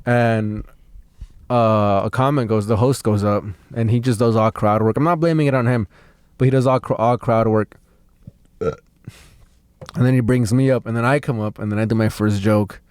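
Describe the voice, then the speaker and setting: A man with a medium-pitched, smooth voice speaks at a normal pace in a clean, echo-free studio recording. He's a stand-up comic and podcast co-host telling a story in casual conversation, animated and swearing freely as he acts out the voices of the people involved.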